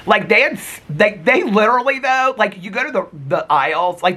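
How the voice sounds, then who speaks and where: A man's voice: on the high side, pushed and bright, husky. A man vlogging casually to camera, telling a chatty, gossipy story full of "like" and quoted dialogue.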